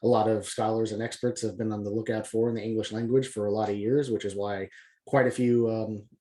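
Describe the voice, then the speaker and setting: A man explains poetry in a relaxed, unscripted video lesson, often pausing on filler words. His voice sits a little low, with a mellow, dark tone. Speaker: poetry press publisher teaching poetic meter.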